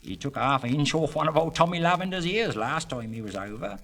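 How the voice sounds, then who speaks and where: A man's voice: a little high, lively intonation, quick pace, fairly bright tone. A man with a rural southern English accent spinning comic country yarns in a drawling dialect monologue, with chuckling asides.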